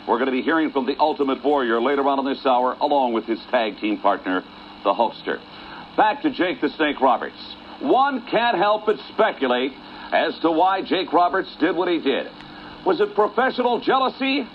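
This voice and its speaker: A male wrestling announcer speaks with dramatic indignation. His pitch moves in lively swings. The sound is dull, like old TV audio. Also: slight background noise. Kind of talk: broadcast commentary.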